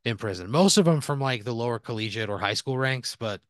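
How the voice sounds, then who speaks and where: A man's voice: mid-range voice, expressive, fairly quick, a bit bright, no echo. A man hosting a comedy podcast, spinning an improvised story in a rambling, casual way and swearing freely. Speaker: podcast host.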